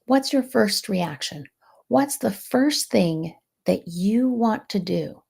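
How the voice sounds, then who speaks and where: A woman hosting a live session as a stress management coach, speaking in a slow, soothing, guiding way with some softly breathed phrases. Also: mid-range voice, expressive, vocal fry, husky.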